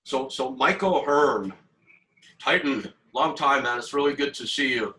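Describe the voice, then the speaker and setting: A man's voice: medium pitch, a little slow, pushed and bright, low-quality recording. A man hosting a live stream interview, friendly and upbeat with his guests over a video call. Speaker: host.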